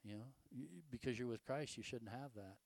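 A man's voice: mid-range voice, fairly quick, darkish tone, no room sound. An older man, preaching a casual, folksy sermon full of rhetorical questions and stories. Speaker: pastor.

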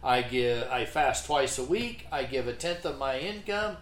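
A man's voice: mid-range voice, animated, unhurried, a bit bright, reverberant. A man reading as a boastful self-righteous Pharisee. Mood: smug. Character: proud self-righteous male Pharisee praying.

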